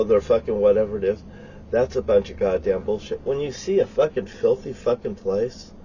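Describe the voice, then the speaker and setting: Guy ranting and cussing nonstop, warm low-key tone, kinda muffled lo-fi recording. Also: a little hiss or hum. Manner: heated, swears constantly, rambling. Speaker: vlogger. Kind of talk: profane ranting monologue.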